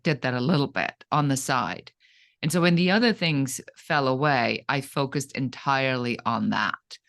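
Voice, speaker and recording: Animated storytelling businesswoman. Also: rumbling low. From Germany. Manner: animated, dramatic storytelling with acted-out quotes. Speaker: guest, entrepreneur. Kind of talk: storytelling in an interview.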